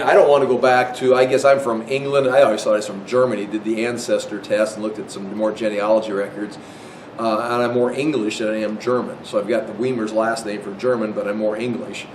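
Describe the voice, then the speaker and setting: An American man giving a casual Bible history lecture, rambling with restarts and asides. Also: a little mellow. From United States. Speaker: Bible teacher. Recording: echoey room, mic far off, faint rumble.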